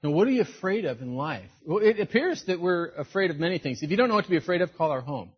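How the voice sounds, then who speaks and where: A middle-aged man preaching a sermon, telling personal stories in an animated way and acting out the voices of the people in them. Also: fairly high pitch, fast talker, breathy edge, dull audio. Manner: storytelling, animated, acts out quoted voices. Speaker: pastor.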